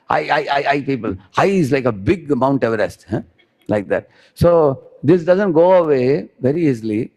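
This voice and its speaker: Gravelly-voiced man teaching a devotional class. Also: mid-range voice, darkish tone. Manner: explains with stories, asks "huh?" often. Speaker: spiritual teacher.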